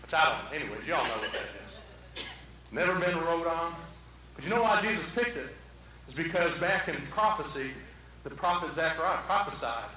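A man's voice: high-pitched, very animated, normal speed, pushed and bright. A man preaching a sermon to his church, folksy and joking with the congregation. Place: church sanctuary. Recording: echoey church from a distance, faint noise.

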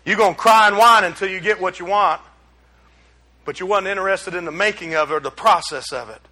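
A middle-aged pastor with a high, ringing voice and a drawl preaches a sermon briskly. He addresses his congregation in a folksy, plain-spoken manner, driving his points home with loud, emphatic bursts and rising exclamations.

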